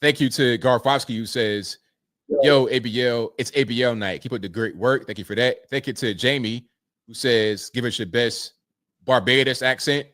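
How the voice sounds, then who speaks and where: A man's voice: medium pitch, moderate pace, a bit bright, no room sound, studio quality. A man hosting a casual livestream, thanking viewers one by one and answering their comments in a laid-back way. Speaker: livestream host reading super chats.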